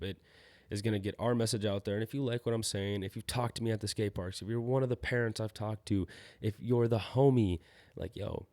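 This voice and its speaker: A young man hosts a casual solo podcast in a low-leaning, slightly mellow voice, sounding tired and yawning. He rambles and loses his train of thought, yet stays upbeat, especially about skateboarding.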